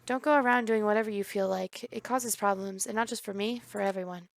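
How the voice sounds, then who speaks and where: A woman's voice: medium pitch, steady tone, fairly quick, vocal fry, close to an everyday voice. A woman voicing a cool, stern young female detective who speaks curtly and scolds. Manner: curt, scolding.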